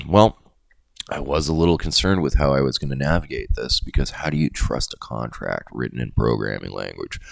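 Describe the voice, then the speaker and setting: A man's voice: very deep voice, animated, normal speed, gravelly, no echo. A middle-aged man hosting a crypto video, explaining in a casual, rambling way with jokey asides.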